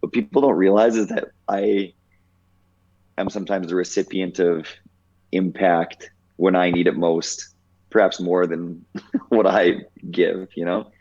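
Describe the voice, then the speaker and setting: A man in his thirties speaks with a very low, deep voice, telling stories in a relaxed, reflective way and leaning on "like" as he thinks. The audio is slightly muffled and dull, like a lo-fi podcast recording. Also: unhurried. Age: 30s. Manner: reflective, heavy use of "like". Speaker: podcast guest. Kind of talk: casual storytelling.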